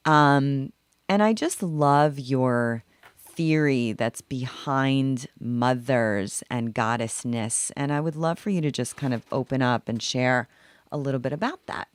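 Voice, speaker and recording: A woman's voice: a bass voice, a little slow, clear, resonant tone, dry recording. A woman hosting her own talk show, chatting casually with a guest and leaning on filler words. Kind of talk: casual interview chat.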